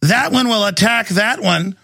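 A nosy, busybody woman shopper lecturing in a prissy, raised voice, as a man puts her on. The tone is gravelly and bright, and the sound is close and dry. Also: high voice, unhurried, dry recording, voice pushed up, exaggerated voice. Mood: prissy, meddling. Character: meddling prying woman shopper.

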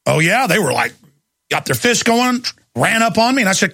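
A man hosting a talk radio show, ranting heatedly and shouting at times, then taking calls. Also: sits high, big pitch swings, creaky, slightly rough. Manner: angry, shouting at times, fast bursts.

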